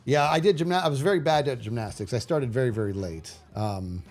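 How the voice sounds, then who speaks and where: A man in his forties, a livestream host telling a story in a casual way, animated and rambling, with many restarts. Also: mid-range voice, brisk, soft background music.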